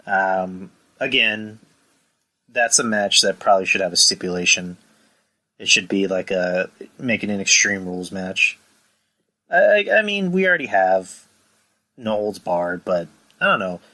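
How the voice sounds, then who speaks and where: A man's voice: sits low, steady tone, unhurried, sharp tone. A man hosting a casual podcast, rambling and filling his talk with "you know" and sighs. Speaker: podcast host. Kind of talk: casual chat.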